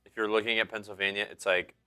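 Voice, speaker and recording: Bright, hesitant male producer. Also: lowish voice, little pitch movement, fast, clean tone, soft background music. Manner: hesitant, searching for words. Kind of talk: casual chat.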